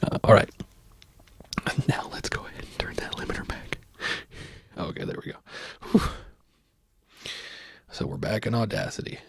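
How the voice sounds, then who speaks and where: A man speaking softly in a low, deeply gravelly and husky voice that sounds a little sore. He walks through a software tutorial in a loose, thinking-aloud way, his pitch moving around a lot. The sound is close and dry. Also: no room sound. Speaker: audio tutorial host. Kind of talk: soft-spoken screen tutorial.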